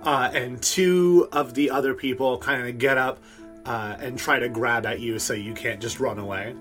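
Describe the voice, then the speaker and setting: A man runs a tabletop game and narrates the scene in a relaxed, mid-pitched voice. He talks loosely and leans on casual fillers. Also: moderate pace, soft background music. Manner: laid-back, loose, filler-heavy. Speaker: game master.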